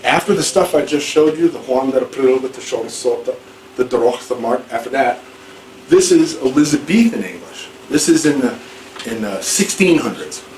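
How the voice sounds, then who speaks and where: An ESL teacher, a man with a mid-range, animated and slightly mellow voice, lectures his class at a normal pace. He rambles conversationally and poses questions to the students. The echoey room is picked up by a distant mic, with noise in the background.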